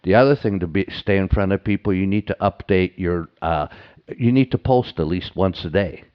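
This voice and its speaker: A man with a lowish, smooth and resonant voice, chatting casually as an interview guest. He tells stories and acts out the people he quotes, often tossing in a "right?". The sound is a bit dull and lo-fi. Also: normal speed. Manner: anecdotal, acts out quoted dialogue, frequent "right?". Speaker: marketing consultant, guest.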